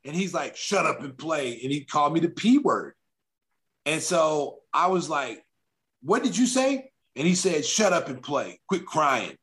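A middle-aged man from Oklahoma spins a long, casual story for an interviewer. His voice sits a little high, and he throws himself into the quoted lines, jumping up in pitch for the big moments. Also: unhurried. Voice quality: animated storyteller who acts out quotes. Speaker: guest, former basketball player. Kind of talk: casual anecdote telling.

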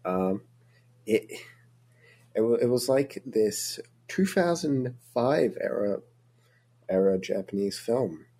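A man co-hosting a podcast, chatting in a relaxed way and laughing often. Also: lowish voice, takes it slowly, pauses often, breathy edge. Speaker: podcast co-host. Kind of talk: casual chat.

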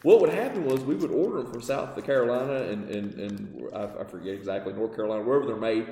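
A man telling lively business stories as a podcast guest, acting out the dialogue. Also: mid-range voice, fast talker. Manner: animated storyteller, acts out dialogue, laughs often. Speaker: guest, parts company owner. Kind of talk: casual storytelling in a podcast interview. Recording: roomy with long reverb.

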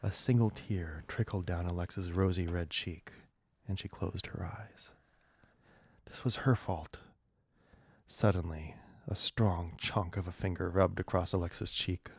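A man's voice: deep voice, creaky, slightly rough, no room sound, studio quality. A man co-hosting a podcast, reading an erotic short story aloud for laughs and often breaking up. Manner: slow, lively reading broken by laughing fits. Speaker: podcast co-host. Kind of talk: comic reading of erotic fiction.

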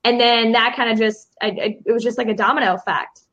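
A woman's voice: fairly high pitch, fairly even intonation, fast talker, a bit bright. Upbeat woman guest, dull lo-fi sound. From Chicago. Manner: upbeat, storytelling. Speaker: guest, confidence mentor. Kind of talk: casual interview chat.

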